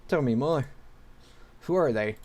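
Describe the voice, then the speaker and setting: A man's voice: mid-range voice, expressive, a little slow, darkish tone. A man reading the lines of a firm, fatherly king in a plain voice.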